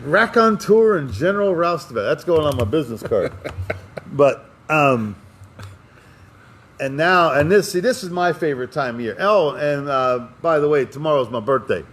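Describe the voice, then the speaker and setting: A man's voice: fairly high pitch, moderate pace. A man co-hosting a podcast, chatting casually and telling jokes with lots of laughter. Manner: animated joke-telling, laughs often. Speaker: podcast co-host. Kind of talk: casual chat.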